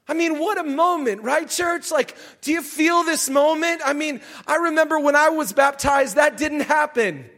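A male pastor preaching a sermon in an animated way, shouting for emphasis. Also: very high voice, moderate pace, hardly any pauses.

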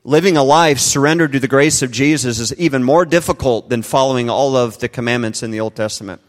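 A middle-aged man delivers a sermon in an earnest, emphatic way, pressing his points with rhetorical questions. His voice sits at an ordinary male pitch. It rings out in a big church hall with a long, lingering reverb. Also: fast talker. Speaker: preacher.

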